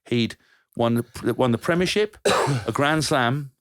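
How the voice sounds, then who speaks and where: A man's voice: mid-range voice, unhurried, no room sound. A man, a podcast co-host who rambles through anecdotes, swears freely and often restarts his sentences. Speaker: podcast co-host, former rugby player. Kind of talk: casual storytelling chat.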